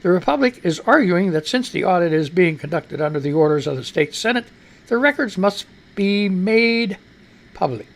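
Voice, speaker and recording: Profane rambling American radio host. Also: male voice, sits high, animated, moderate pace, gravelly. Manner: profane, rambling, talks to himself. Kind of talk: casual live-stream news commentary.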